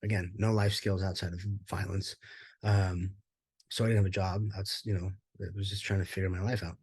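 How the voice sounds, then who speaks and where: A man's voice: deep voice, flat delivery, a little fast, a little mellow, slightly rough, dry recording. A man telling his life story in an interview, candid and rambling, with many fillers and casual swearing. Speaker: interview guest, former pro fighter.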